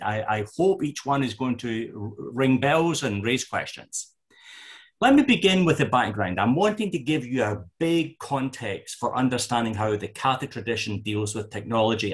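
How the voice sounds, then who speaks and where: An older man with a Scottish accent giving an enthusiastic, halting lecture to a parish group as a guest speaker. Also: mid-range voice. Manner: enthusiastic, halting with fillers and restarts.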